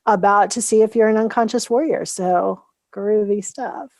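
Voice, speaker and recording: A woman speaks as a guest in a relaxed interview, her voice at a middle pitch. She tells her story with energy and acts out what people said to her. The sound is dry and close, with no room around it. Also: moderate pace, dry recording. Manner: animated storyteller acting out quoted dialogue. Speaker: guest, founder of a coaching method.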